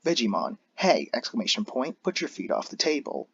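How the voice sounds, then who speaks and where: A man's voice: medium pitch, big pitch swings, a little fast, husky, no echo, muffled recording. A man voicing a flustered, bossy male monster cook at a diner in a fan story reading.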